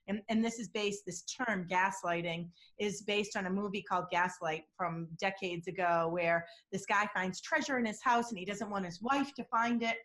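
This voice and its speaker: A woman guest expert in an interview, explaining how to spot lying in a lively way, acting out quoted voices. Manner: lively, acts out quoted voices with big pitch jumps. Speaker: guest expert on lie detection. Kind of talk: animated interview talk.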